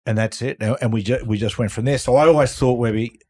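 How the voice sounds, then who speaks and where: A man's voice: mid-range voice, fairly even intonation, fast talker. A middle-aged Australian man, a guest on a podcast, telling stories casually and acting out the other people in them. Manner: yarn-spinning, acts out quoted lines, laughs loudly. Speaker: podcast guest, former footballer. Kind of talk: casual storytelling.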